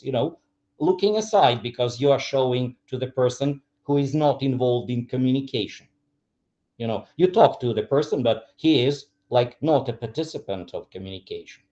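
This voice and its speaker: A man with a Ukrainian accent lecturing teachers on English, repeating example phrases with exaggerated intonation and often asking "clear?". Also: medium pitch, dark tone, dull audio.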